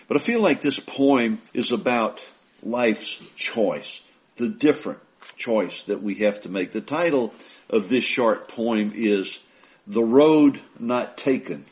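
Male preacher, lowish voice, earnest sermon delivery with off-the-cuff repetitions. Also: animated, slow pace. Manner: earnest, rises in pitch and volume on scripture quotes, repeats words when ad-libbing.

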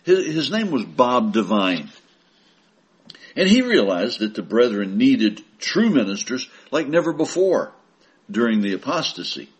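A man delivering a sermon at an unhurried, deliberate pace, his voice slightly husky. His pitch swings widely, climbing high when he quotes scripture and dropping low for his explanations. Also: very animated. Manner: slow, emphatic preaching, rising on scripture quotes. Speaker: preacher.

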